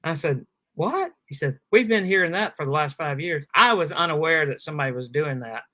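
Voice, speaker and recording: A man who is a guest comedian on a podcast, telling animated anecdotes and acting out quotes in casual chat. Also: a little high, brisk, no room sound.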